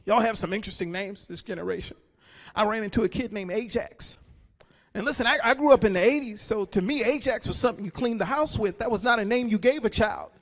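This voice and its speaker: A man in his forties performing stand-up comedy, telling animated stories and acting out characters. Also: sits high, quick pace.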